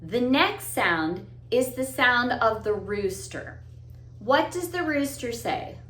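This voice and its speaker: A woman's voice: on the high side, animated, slow, fairly bright tone. A woman teaching a children's music lesson. She talks straight to the kids, encouraging, sing-song, and sometimes breaks into song and animal sounds. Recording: roomy echo.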